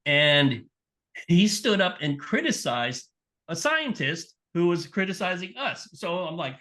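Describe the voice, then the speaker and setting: Animated middle-aged man telling stories. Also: high voice, unhurried. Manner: animated storyteller, acts out quoted people. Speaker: podcast guest, sports nutrition scientist. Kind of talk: casual interview storytelling.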